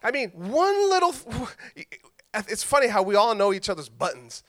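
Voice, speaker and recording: A man's voice: high-pitched, big pitch swings, moderate pace, a bit bright. A man preaching a sermon as pastor, conversational and joking as he tells stories.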